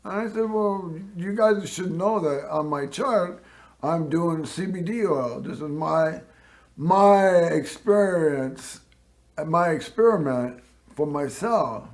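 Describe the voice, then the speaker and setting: A man hosting a local TV show, telling a personal story in a rambling way and often clearing his throat. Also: fairly high pitch, lively intonation, slow. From Northern California. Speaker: host.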